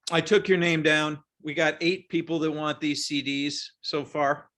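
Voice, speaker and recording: A man's voice: fairly high pitch, steady tone, unhurried, a bit bright. A man hosting a casual online meeting, calling on the participants one by one. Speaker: meeting host.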